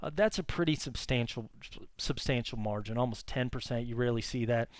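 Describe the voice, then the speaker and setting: Smooth-voiced man giving a casual lecture. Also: medium pitch, brisk, no room sound. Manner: casual and conversational, many fillers and self-corrections. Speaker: history teacher. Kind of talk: classroom history lecture.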